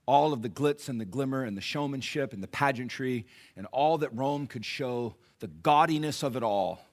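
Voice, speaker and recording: A man preaching a sermon, retelling scripture dramatically, swinging from hushed lines to loud, animated asides. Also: medium pitch, moderate pace. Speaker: pastor.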